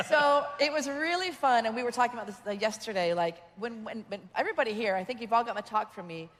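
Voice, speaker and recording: A woman's voice: a little high, quick pace, a bit bright. A woman voice director chatting on a panel, talkative and laughing often. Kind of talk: panel conversation. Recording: echoey hall.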